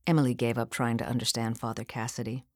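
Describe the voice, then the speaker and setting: Low-voiced woman reading a storybook. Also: flat delivery, fast talker, a little mellow, dry recording, studio quality. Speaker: audiobook narrator. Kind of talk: storybook narration.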